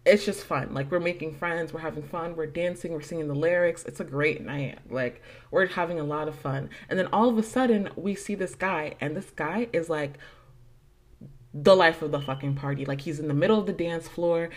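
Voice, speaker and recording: A woman's voice: low voice, moderate pace. A young adult woman hosting a podcast, telling a personal story in a casual, chatty way, swearing freely and using lots of fillers. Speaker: podcast host.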